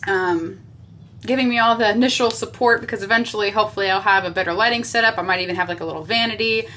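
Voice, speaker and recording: Fast-talking and sharp-toned, a makeup livestreamer chats from a small basement bathroom, addressing her phone camera and answering viewer comments as she works. Her voice is mid-range, and there's a little hiss or hum.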